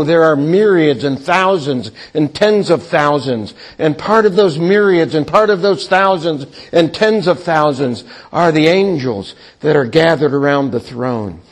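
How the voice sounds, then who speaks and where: Slow, halting male preacher. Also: sits high. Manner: slow, deliberate, with frequent hesitations. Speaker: pastor. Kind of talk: sermon.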